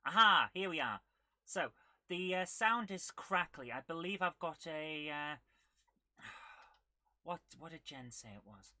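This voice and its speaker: A woman hosting a casual retro gaming live stream, chatting with viewers and reacting excitedly while she plays. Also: low voice, measured pace, pauses often, dry recording. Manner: chatty, reads viewer comments aloud, bursts of excitement while playing.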